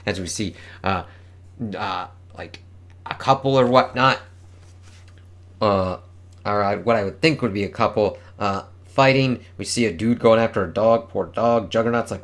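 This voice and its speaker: In a laid-back, profane read-along review, this man works through a comic, voicing the characters' lines as he goes. He speaks at a normal speed with a voice on the low side.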